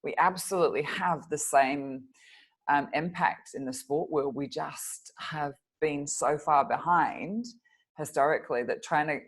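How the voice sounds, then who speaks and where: A low-pitched woman chats as a podcast guest. She tells her stories animatedly and giggles often. She sounds middle-aged. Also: measured pace, slightly rough. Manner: animated storyteller, giggly, chatty. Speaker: podcast guest, fitness coach. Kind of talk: casual interview chat.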